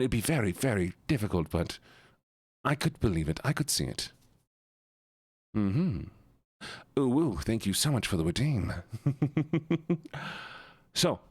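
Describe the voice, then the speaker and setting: Male streamer, playful and chatty, very lively pitch, dry close mic. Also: measured pace, pauses often, husky, dry recording. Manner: playful, animated, chatty with viewers. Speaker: live streamer. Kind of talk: casual live-stream chat.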